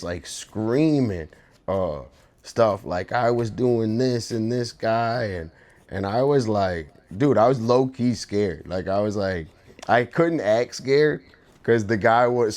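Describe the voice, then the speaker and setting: A young man, a streamer and artist, chats casually in a room at home while he draws. His voice sits on the low side with a darkish tone, and he tells a rambling story packed with fillers and swearing.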